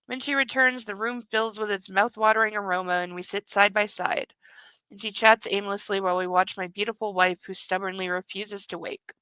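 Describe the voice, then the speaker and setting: A woman reading a novel aloud with sarcastic, irreverent commentary, sometimes dropping to a hush. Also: mid-range voice, fairly even intonation, brisk, clear, resonant tone, no echo, rough recording. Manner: wry and irreverent, drops to a hushed whisper for some narration. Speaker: book club podcast host.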